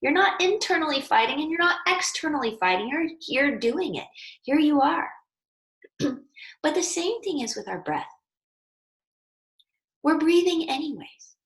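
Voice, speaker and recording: A woman's voice: high voice, sing-song, a little slow, pauses often, a bit bright, roomy sound, low-quality recording. A woman yoga teacher giving a casual, earnest and encouraging spoken lesson with conversational fillers.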